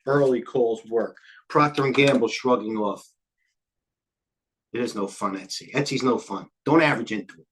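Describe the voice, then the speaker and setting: Breathless, fast-talking trading host. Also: male voice, mid-range voice, fairly bright tone. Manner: rapid, scattered, jumps between tickers. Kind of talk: live market commentary.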